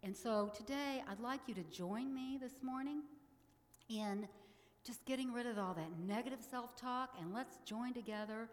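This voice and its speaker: A middle-aged woman minister giving a sermon in a church, leading the congregation in spoken affirmations in a measured way. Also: a little high, in a large hall.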